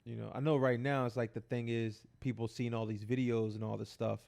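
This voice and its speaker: A man with a gravelly, creaky edge to his voice, chatting on a podcast. He spins long personal stories in a loose, animated and foul-mouthed way, often slipping into the voices of the people in them. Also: medium pitch, brisk. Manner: animated, profane, acts out dialogue in his stories. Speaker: podcast co-host. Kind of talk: casual podcast storytelling.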